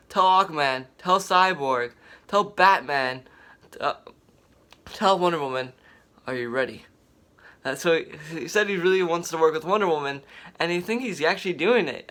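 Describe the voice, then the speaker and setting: A young man rambling excitedly in casual fan commentary, repeating himself often. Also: fairly high pitch. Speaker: vlogger.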